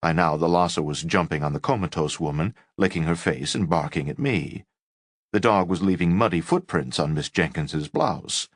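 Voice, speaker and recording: A man reading a first-person memoir aloud in an expressive narration. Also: sits low, moderate pace, no room sound, studio quality. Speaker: audiobook narrator. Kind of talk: scripted narration.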